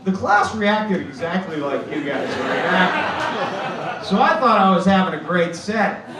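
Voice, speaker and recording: A man, telling a stand-up story in an animated way on a club stage. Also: sits high, measured pace, far from the mic, heavy background noise. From Boston. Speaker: stand-up comedian. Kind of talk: stand-up set. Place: comedy club stage with live audience. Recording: roomy club recorded from afar.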